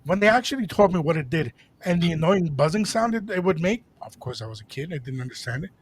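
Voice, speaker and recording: A quick, animated man co-hosting a radio show and chatting from the studio. He switches easily between English and Spanish. His voice sits a bit higher than most men's. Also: husky. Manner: animated storyteller. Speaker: radio co-host. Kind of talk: casual radio chat.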